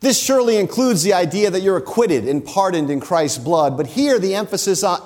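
A male pastor preaching a sermon, his voice set a little higher than most men's. He speaks emphatically and draws out the key phrases to drive his point home. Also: lively intonation, brisk, hardly any pauses, darkish tone.

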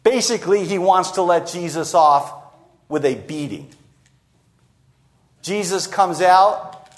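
A man preaching an expository sermon, slowing down and acting out quoted lines for emphasis. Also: high-pitched, animated.

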